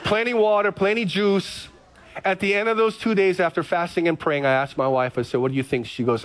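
A man's voice: on the high side, moderate pace. A middle-aged male pastor giving a sermon, telling stories with jokes and repeated phrases. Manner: animated storytelling, joking and repeating phrases.

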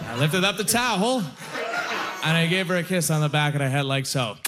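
A man's voice: fairly high pitch, a little fast. A young adult man doing a stand-up comedy set, self-deprecating and given to emphatic repetitions. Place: comedy club stage, live audience.

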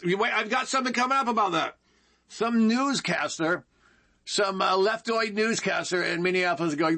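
A man hosting an opinionated political commentary monologue, with a high, husky voice. His tone is bright and tense, and he hammers points home by repeating them. He keeps addressing his listeners directly as folks. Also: a little fast. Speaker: political talk show host.

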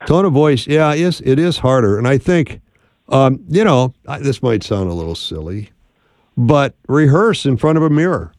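A man's voice: medium pitch, expressive, moderate pace, a little mellow, no echo, studio quality. A man hosting a call-in advice radio show, upbeat and encouraging, speaking plainly to callers.

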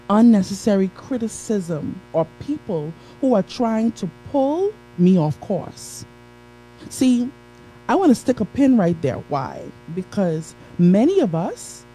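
A woman delivers a motivational talk on a live stream, with a rich, very dark and mellow tone. She is emphatic and preachy, circling back to her key phrases. She breaks off now and then to greet viewers by name. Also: medium pitch, a little hiss or hum, poor audio.

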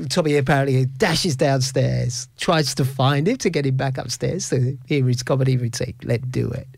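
A man's voice: medium pitch, steady tone, normal speed, gravelly, hardly any pauses, a little mellow, dry recording. A middle-aged man hosting a radio show, telling stories in a rambling, chuckling way. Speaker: radio host. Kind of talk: casual radio chat.

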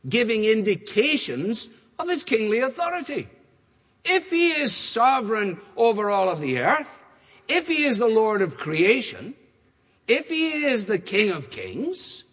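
A male preacher with a fairly high voice delivers a sermon with emphatic, rhetorical drive, building lists of repeated phrases and slipping in quick asides. The sound rings with the long reverb of a large church hall. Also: fairly bright tone.

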